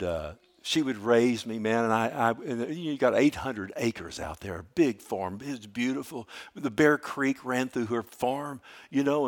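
Folksy older preacher. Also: male voice, medium pitch. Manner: folksy storytelling, swinging from hushed to loud. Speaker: pastor. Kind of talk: sermon.

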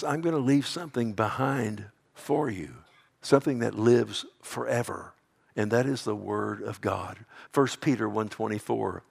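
A man with a fairly low voice preaches a sermon with emphatic, swelling delivery. He stretches out scripture lines for weight, then drops to a soft, intimate hush on asides, and keeps asking his congregation questions. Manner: asks the congregation questions and calls them "loved one". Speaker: pastor.

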